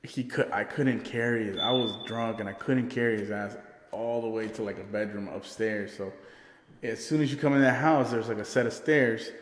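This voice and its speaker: A man's voice: fairly low pitch, fairly even intonation, normal speed. A man co-hosting a podcast, telling a rowdy party story with cursing, laughter and quoted voices. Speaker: podcast co-host. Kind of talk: casual storytelling chat. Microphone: podcast microphone. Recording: echoey room with long reverb.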